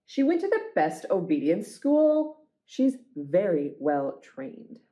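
A woman's voice: on the low side, sing-song, slow pace, warm tone. A woman voicing a proud, stubborn child who insists a banana is her dog, boastful and indignant.

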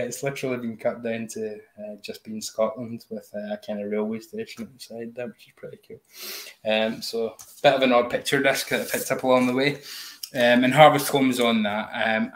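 A man's voice: mid-range voice, a bit bright. A man on a review panel, talking through an album in casual chat, enthusiastic and full of "um" fillers. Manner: hums and sings snatches of riffs.

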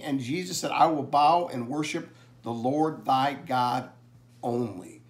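A man preaching a family blessing sermon, earnestly reading scripture slowly and with emphasis. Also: mid-range voice.

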